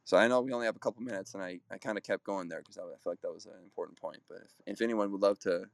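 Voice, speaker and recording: A man's voice: deep voice, rapid-fire, vocal fry. A man in his thirties, a basketball player and coach, giving a casual motivational talk in an earnest, rambling way full of restarts and acted-out quotes. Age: 30s.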